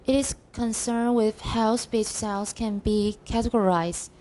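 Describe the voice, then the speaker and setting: A woman student in a classroom reading a textbook passage aloud, slowly and carefully, sometimes stopping to correct herself. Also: on the high side, fairly even intonation, dark tone.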